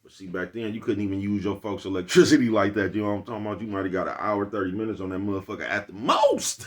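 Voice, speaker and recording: A man's voice: fairly low pitch, racing. A man with an African American Vernacular English accent, talking in a loose, slangy, preachy monologue to his viewers. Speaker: vlogger. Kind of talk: casual street monologue.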